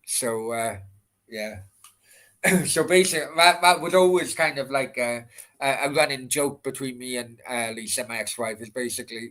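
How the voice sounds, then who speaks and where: Sweary man with a bright voice. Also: mid-range voice, normal speed. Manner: swears constantly, rambling with restarts. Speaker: football channel host. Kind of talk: casual rambling anecdote on a live stream.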